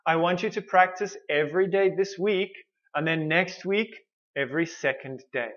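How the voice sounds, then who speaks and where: A man teaching English pronunciation, modelling words slowly and repeating each one with exaggerated mouth shapes. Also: high voice, fairly bright tone, highs cut off. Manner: slow, drawn-out modelling of words with many repeats. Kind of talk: pronunciation lesson.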